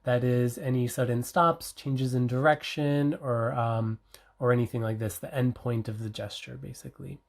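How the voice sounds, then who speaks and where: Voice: mid-range voice, fairly even intonation, normal speed. A researcher giving an academic conference presentation, explaining step by step with frequent fillers and self-corrections.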